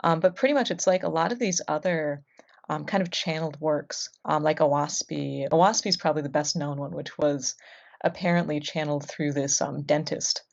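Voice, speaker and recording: Low-voiced woman hosting a podcast. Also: normal speed, gravelly. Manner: musing, with many ums. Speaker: podcast host. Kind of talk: casual chat. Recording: dull lo-fi sound.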